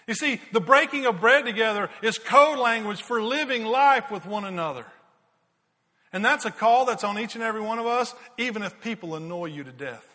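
A high-pitched, bright-toned middle-aged man preaches in a large church hall, and his voice trails off in a long reverb. He tells lively stories and doubles back on his words. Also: brisk. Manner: lively anecdotes, repeats words, giggles at his own stories. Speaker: pastor. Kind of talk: sermon with storytelling.

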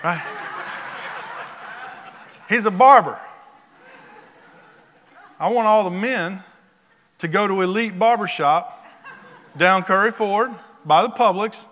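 A male pastor telling a story from the pulpit in an animated, repetitive storytelling manner. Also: high-pitched, slow pace, long pauses. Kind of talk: sermon storytelling. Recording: long hall reverb.

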